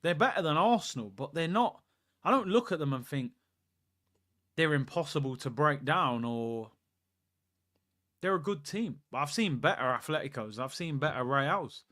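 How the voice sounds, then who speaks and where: Excitable young man, fairly high voice. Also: normal speed. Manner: chatty and excitable, reacting to play and reading out viewer questions. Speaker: host of a football watchalong. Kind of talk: live football watchalong chat.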